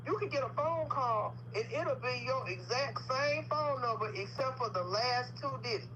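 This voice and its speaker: A woman's voice: high-pitched, expressive, moderate pace, a bit bright. Woman on a dull, noisy lo-fi line. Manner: emphatic storytelling, firm and insistent. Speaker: livestream co-host. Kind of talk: casual chat. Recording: dull lo-fi sound with clear noise.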